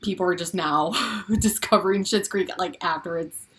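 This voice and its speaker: A woman co-hosts a laid-back pop culture podcast, her voice on the lower side and her pace moderate. She gushes and giggles a lot, sprinkling in plenty of "like"s.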